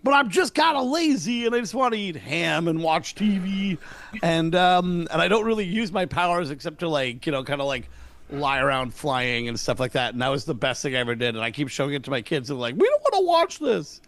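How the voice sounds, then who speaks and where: A middle-aged man, a comedian guest, telling stories in a casual interview and acting out the dialogue with lively voices. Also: on the high side, fairly quick. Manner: energetic, acts out dialogue with voices.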